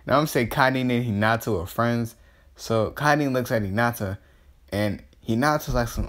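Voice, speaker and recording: A man's voice: medium pitch, normal speed, fairly bright tone. A man telling an improvised fan story in a rambling, slangy way, full of fillers and self-corrections.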